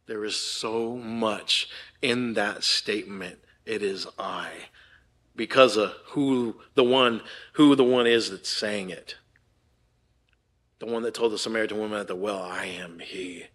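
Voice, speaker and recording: An older man preaching a conversational sermon, asking the congregation "right?" often and moving between hushed and emphatic delivery. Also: lowish voice, measured pace. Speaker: pastor.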